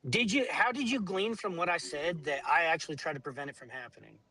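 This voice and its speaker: A man's voice: fairly high pitch, fast, sharp tone, rough recording. A middle-aged man telling a family story in casual chat, blunt and rambling, swearing often.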